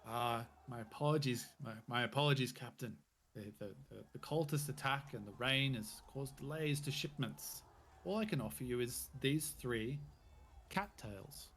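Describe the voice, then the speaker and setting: A man voicing a deflated, sickly dwarf merchant in a tabletop game who stammers quiet apologies. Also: medium pitch, normal speed, a little hiss or hum, close to an everyday voice. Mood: apologetic.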